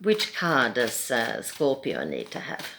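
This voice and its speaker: A woman with a Swedish accent gives a casual tarot reading in a soft-spoken, gentle way, chuckling between remarks. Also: very deep voice, huge pitch swings, takes it slowly, vocal fry, slight background noise. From Sweden. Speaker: tarot reader.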